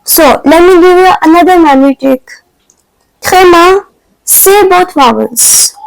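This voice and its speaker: Very high-voiced, slow woman teacher. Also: creaky, dry recording, rough recording. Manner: slow, deliberate, repeats example words for practice. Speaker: French teacher. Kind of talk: scripted lesson narration.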